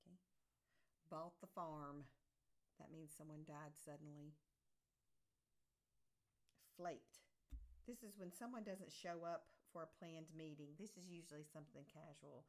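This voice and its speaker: A woman with a Southern US accent, explaining English slang and phrases in a friendly lesson and chuckling now and then. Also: low-pitched. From Southern United States. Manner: friendly, chuckles often, slows down to spell and define words.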